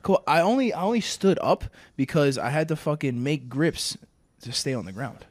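A man co-hosting a podcast, chatting casually, swearing freely and telling animated stories. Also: fairly high pitch, normal speed, dry recording, clean studio sound. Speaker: podcast co-host. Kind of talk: casual chat.

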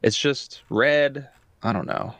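A man's voice: medium pitch, slow, a bit bright, dry recording. A man co-hosting a podcast, explaining at length with many fillers in casual chat. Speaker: podcast co-host.

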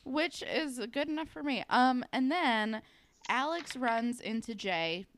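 A woman's voice: a little high, slow, a bit bright, slight background noise. A woman co-hosting a podcast, chatting candidly with wry, profane asides while recapping scenes. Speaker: podcast co-host. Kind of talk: casual recap chat.

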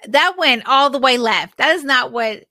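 A woman's voice: high-pitched, normal speed, bright, forceful tone, dry recording, clean studio sound. A woman co-hosting a podcast, chatty and teasing, laughing easily. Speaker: podcast co-host. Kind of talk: casual chat.

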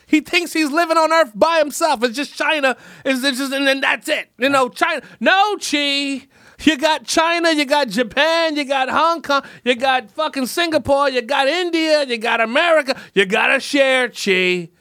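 High-voiced ranting man. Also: moderate pace, bright, forceful tone, no room sound, clean studio sound. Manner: profane, mock-addresses world leaders. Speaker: podcast host. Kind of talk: rambling comedic rant.

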